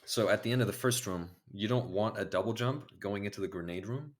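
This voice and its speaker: A man's voice: lowish voice, fairly quick. A man commentating a game tournament casually, reading out times and explaining the moves over a noisy voice chat recording.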